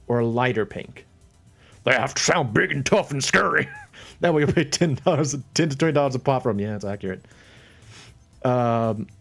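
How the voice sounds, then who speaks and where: A man hosting a live stream while he paints a model, thinking aloud, rambling and chuckling to himself as he talks to his viewers. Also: medium pitch. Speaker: livestream host painting a model. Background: faint background music.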